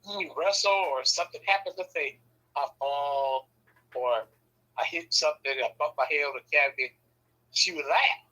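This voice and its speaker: Husky, bright-voiced man telling stories. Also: normal speed, rough recording. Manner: animated, laughs often, acts out quoted lines with sudden high shouts; profane, loose everyday speech. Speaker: storyteller in a casual conversation. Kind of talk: casual chat.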